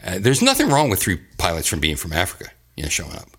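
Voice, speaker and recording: Man, casual host, low pitch, animated delivery, rambling, swears a lot. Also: quick pace, vocal fry, slightly rough. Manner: rambling and profane, with frequent laughs. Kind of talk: casual chat recapping an anime.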